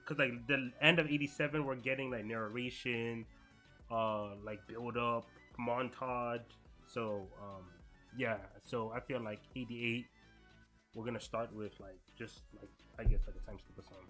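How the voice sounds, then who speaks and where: A young man hosting a casual manga reaction vlog, excitable and slangy, swearing and talking straight to his viewers. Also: medium pitch, normal speed, faint music behind.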